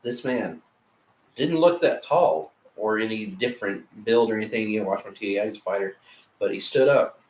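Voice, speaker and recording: A fairly low-voiced young man co-hosting a casual podcast, relaxed and profane, often stumbling over repeated words. He sits back from the mic, and the room gives his voice a noticeable echo. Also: moderate pace, slight background noise. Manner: laid-back, profane, stammering restarts. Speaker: podcast co-host. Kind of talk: casual chat. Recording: echoey room, mic at a distance.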